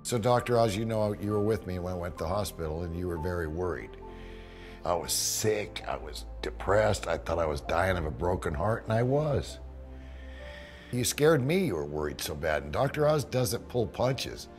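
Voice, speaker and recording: An older man from the United States chatting in a video diary, emotional and folksy with rough jokes. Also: low voice, expressive, moderate pace, soft background music. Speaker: reality TV bounty hunter. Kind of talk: casual video diary chat.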